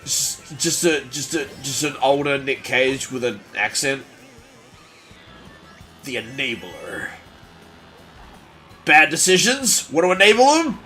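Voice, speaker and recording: A man putting on a gruff male action-movie hero with a thick, clumsy foreign accent, announcing slowly like a movie trailer. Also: mid-range voice, sharp tone. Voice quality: thick put-on foreign accent, self-admittedly bad.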